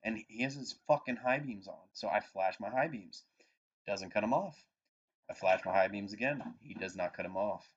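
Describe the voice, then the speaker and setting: A man in his twenties swaps stories on a podcast, swearing freely as he winds through an anecdote. His voice sits a little low, and the audio comes through dull and lo-fi. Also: normal speed. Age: 20s. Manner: profane, animated anecdote-telling. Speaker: podcast co-host. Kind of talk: casual storytelling chat.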